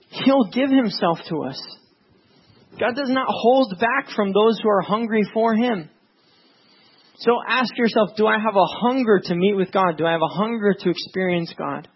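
A pastor preaching a sermon in an earnest, conversational way, with many "you know"s. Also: male voice, high voice, breathy edge, lo-fi sound.

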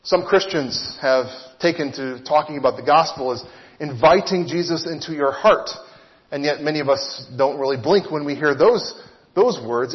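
A man's voice: on the high side, long reverb tail, muffled recording. A man preaching a sermon, earnest and teaching, often posing rhetorical questions to his listeners.

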